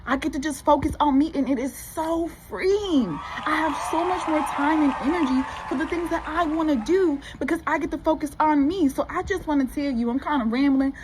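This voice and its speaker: Animated higher-voiced woman preaching to camera. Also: fairly quick, few pauses, noisy background. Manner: animated, preachy, talks to viewers as "baby" and "y'all". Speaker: motivational vlogger. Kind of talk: casual motivational talk to camera.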